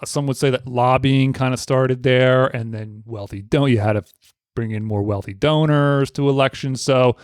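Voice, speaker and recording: A man's voice: medium pitch, steady tone, moderate pace, a little mellow, no room sound, studio quality. A man co-hosting a casual history podcast who reads from notes and laughs between points. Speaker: podcast co-host.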